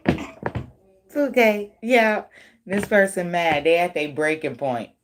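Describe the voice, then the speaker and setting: Slow, low-voiced woman giving a blunt tarot reading. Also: animated, slight background noise. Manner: blunt and profane, laughs often; slangy, teasing. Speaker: tarot reader. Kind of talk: casual tarot reading chat.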